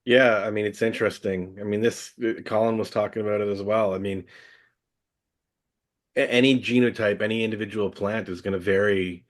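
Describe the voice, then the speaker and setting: A man's voice: fairly low pitch, fairly even intonation, a little fast. A man on a podcast talking about growing, thinking aloud with many filler words. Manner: thoughtful, many fillers like "I mean". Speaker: guest grower. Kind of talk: casual podcast conversation.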